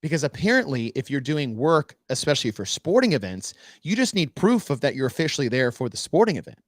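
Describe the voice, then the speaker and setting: A man's voice: a little high, sing-song, fast talker, dry recording, clean studio sound. A man co-hosting a podcast, telling a story in casual chat and acting out the dialogue. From United States. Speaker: podcast co-host.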